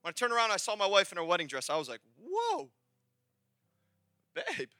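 A man preaching a sermon as pastor, animated and conversational, shouting at the high points. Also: very fast, clean tone, dry recording, studio quality.

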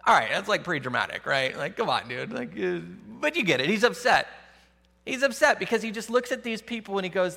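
A man preaching a sermon as a pastor, telling the story in a conversational, animated way with casual slang. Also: high-pitched, a little fast, vocal fry, long reverb tail.

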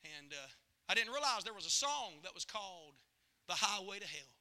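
High, bright-voiced man preaching a fervent sermon. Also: very animated, moderate pace. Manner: builds from quiet storytelling to shouted preaching. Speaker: guest preacher. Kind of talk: revival sermon with storytelling. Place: church sanctuary.

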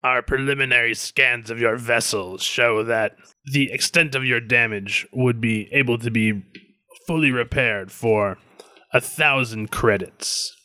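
A man voicing a hulking insect-like alien who leads a repair crew, calm and businesslike. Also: mid-range voice, measured pace, clear, resonant tone, no room sound.

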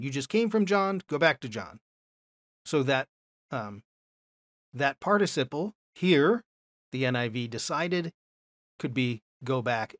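A man's voice: medium pitch, fairly bright tone, dry recording. A man giving a Bible lesson as a teacher, explaining step by step and often checking in with "okay?". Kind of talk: classroom lecture.

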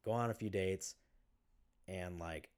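This podcast guest, a man, has a low-pitched voice with a darkish, clean tone. In a casual interview he relates his own story haltingly, full of fillers, restarts, and easygoing swearing.

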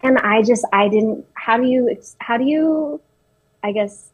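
Husky young woman telling a story. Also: fairly high pitch, unhurried, dull audio. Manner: hesitant, frequent restarts and fillers. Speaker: interviewee. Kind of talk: casual personal storytelling.

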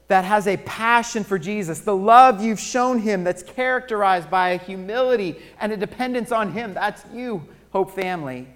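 A pastor preaching a sermon in a church, moving between hushed, pleading warnings and loud, rousing encouragement. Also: male voice, sits high, in a large hall. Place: church sanctuary.

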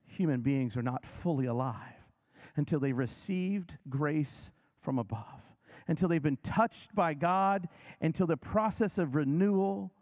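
A man preaching a sermon, emphatic and dramatic, who slows down and speeds up, drops to a near whisper and rises again, and leads his listeners in repeating lines. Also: on the high side, darkish tone. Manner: emphatic, varies pace and volume for effect.

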